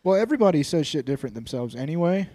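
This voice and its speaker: A man's voice: a little high, very animated, racing, mellow, dry recording. A man co-hosting a casual podcast, joking and swearing as he talks into a close microphone. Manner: profane, joking, puts on silly voices. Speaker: podcast co-host. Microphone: studio microphone with headphones.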